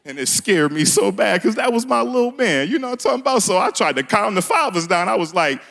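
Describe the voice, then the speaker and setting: A man's voice: high-pitched, big pitch swings, fast, creaky, fairly bright tone. A man from doing a stand-up comedy set on a small theater stage, laughing at his own jokes and talking in loose street slang.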